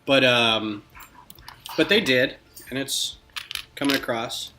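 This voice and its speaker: A man's voice: medium pitch, takes it slowly, bright, forceful tone, slight background noise. A man hosting a livestream from home, chatting casually and joking while building brick models. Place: home, indoors. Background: background music.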